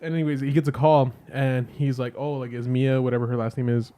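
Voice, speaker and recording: A man's voice: mid-range voice, little pitch movement, quick pace, warm tone. Guy rambling through a movie plot, lots of like and swearing, casual podcast chat. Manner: rambling retelling full of "like" and swearing. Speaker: podcast co-host.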